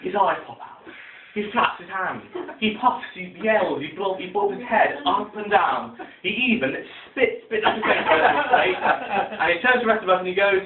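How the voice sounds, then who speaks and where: A man performing comic poems with animated storytelling and sound effects, recorded tinny and distant in an echoey room. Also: high voice, moderate pace. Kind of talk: comic poem recitation.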